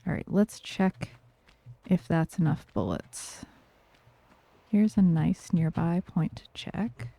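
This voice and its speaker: A woman's voice: on the low side, expressive, takes it slowly, vocal fry, pauses often, dark tone, slight background noise. A woman with a New York accent chatting loosely while streaming a game, with lots of fillers. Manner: chatty, loose, filler-heavy, laughs easily. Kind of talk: casual gameplay streaming chat.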